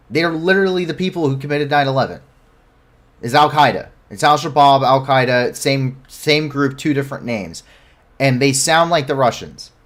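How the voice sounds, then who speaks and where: A man's voice: mid-range voice, fairly bright tone. A man hosting a live news show, giving commentary with frequent self-corrections and blunt, incredulous asides.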